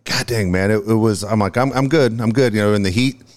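A man's voice: on the low side, a little fast. A man co-hosting a casual podcast, blunt and profane, who coaches youth baseball. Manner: blunt, profane, asks offbeat questions. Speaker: co-host.

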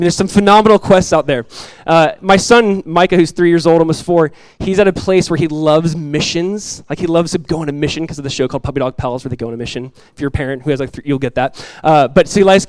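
A man in his thirties, a pastor giving a sermon in a relaxed, conversational way, telling stories with asides. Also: on the high side, quick pace, few pauses, no echo, rough recording. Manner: conversational, animated storytelling with asides.

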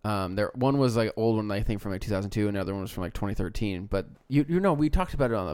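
A man's voice: fairly low pitch, expressive, very fast, a little mellow, clean tone, dry recording. A man co-hosting a podcast in loose casual chat, who likes to slip into playful voices. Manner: loose, chatty, fond of playful impressions. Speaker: podcast co-host.

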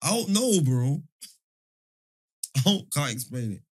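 A young man tells a story in a relaxed chat, packing his talk with slang fillers. His voice is a little husky. His pitch swings widely as he gets into it. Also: measured pace. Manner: animated, laughing, full of London slang fillers.

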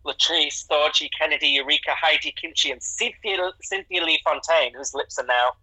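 A man hosting a podcast, chatting casually with jokes and the odd swear word. His voice is very bright and forward. The recording is close and dry. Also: on the high side, moderate pace, slightly rough, no echo, rough recording. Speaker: podcast co-host.

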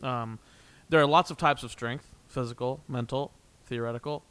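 A man's voice: mid-range voice, steady tone, normal speed, a bit bright, clean tone. A young man hosting a casual podcast, rambling and playful, often laughing. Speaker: podcast host. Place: small room, in doors.

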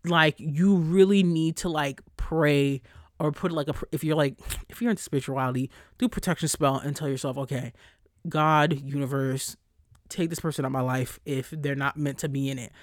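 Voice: mid-range voice, fairly even intonation, no room sound, clean studio sound. Angry profane podcast rant. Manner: heated, profane, fast-cutting rant; frequent cursing and "like" fillers. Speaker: podcast host.

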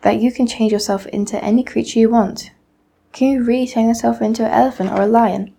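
A crafty, bossy male cat from a storybook, quick to give orders and full of schemes, as a teenage girl reads him. The voice is dark and mellow with a gravelly edge. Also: fairly high pitch, steady tone. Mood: sly.

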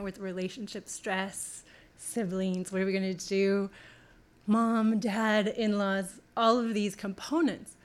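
A middle-aged woman giving a talk, telling a personal story and acting out the dialogue. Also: mid-range voice.

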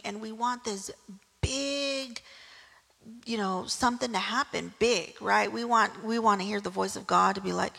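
A woman's voice: medium pitch, measured pace, vocal fry, fairly bright tone, breathy edge, in a large hall. A woman preaching a casual sermon, telling the story in a chatty way with frequent "right?" asides.

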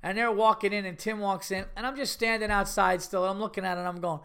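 A man's voice: high-pitched, fast talker, hardly any pauses, clear, resonant tone. A man hosting a podcast, telling a rambling, profane story about his week as a comedian. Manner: rambling, profane, animated retelling with quoted voices. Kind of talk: casual storytelling monologue.

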